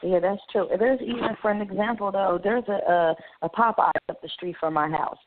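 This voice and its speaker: A woman's voice: mid-range voice, fairly quick, a little hiss or hum. A woman on a radio panel telling a story in a chatty, amused way. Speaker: roundtable panelist. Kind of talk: casual radio panel chat. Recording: dry, tinny phone-line sound.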